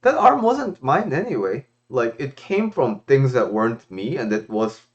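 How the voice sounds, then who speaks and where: A man doing a serene forest sage from a parable, speaking gently in a lifted, lively voice. The sound is muffled and lo-fi. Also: medium pitch, unhurried. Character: calm awakened male sage, serene.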